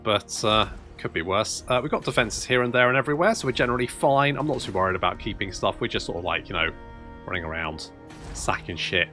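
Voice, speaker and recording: A man's voice: lowish voice, lively intonation, fast talker, pushed and bright, soft background music. A man commentating on his own strategy game play, rambling, swearing and thinking aloud. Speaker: let's play host. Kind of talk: gameplay commentary.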